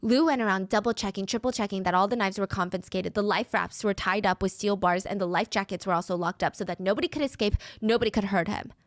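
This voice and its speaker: A woman's voice: medium pitch, quick pace, hardly any pauses, no echo, studio quality. A woman telling a true crime story in a dramatic way, putting on voices for the people she quotes.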